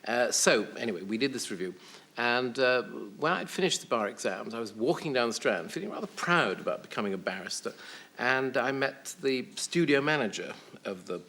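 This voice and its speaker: A man, a guest on a television chat show, telling anecdotes in a wry, hesitant way with many pauses and fillers. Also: medium pitch, lively intonation, pushed and bright. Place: television studio.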